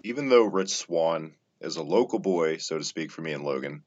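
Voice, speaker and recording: A man hosting a casual podcast chat, jokey and animated, from the Baltimore area. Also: extremely low pitch, moderate pace. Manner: animated, jokey, swings loud and soft. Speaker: podcast host. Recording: dull lo-fi sound.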